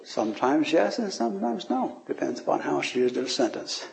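A man's voice: big pitch swings, a little fast, creaky, darkish tone. Man teaching scripture with rhetorical questions. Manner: rhetorical questions, chuckles, pitch swings for emphasis. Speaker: Bible teacher. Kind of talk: informal Bible teaching.

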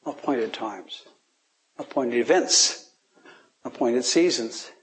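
A man's voice: slow, a little hiss or hum. A man giving an informal Bible teaching, asking his listeners rhetorical questions and chuckling as he explains. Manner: rhetorical questions, chuckles, pitch swings for emphasis.

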